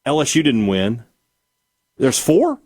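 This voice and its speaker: A man's voice: medium pitch, wildly swooping pitch, takes it slowly, gravelly, darkish tone, slightly rough, no echo, clean studio sound. A man co-hosting a casual sports talk radio show, thinking aloud as he talks.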